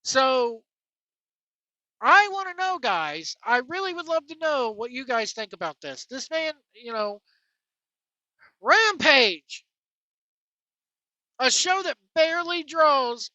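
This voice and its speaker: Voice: high voice, sing-song, slow, pauses often, bright, forceful tone, no room sound, muffled recording. A wrestling vlogger delivering a sarcastic, profane rant to viewers. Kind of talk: ranting commentary to camera.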